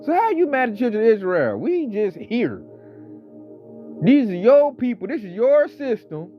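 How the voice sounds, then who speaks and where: Animated man ranting, high lively voice. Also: moderate pace. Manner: animated, mocking, mimics coworkers. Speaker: online commentator. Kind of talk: casual ranting monologue. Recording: slightly dull audio, faint background music.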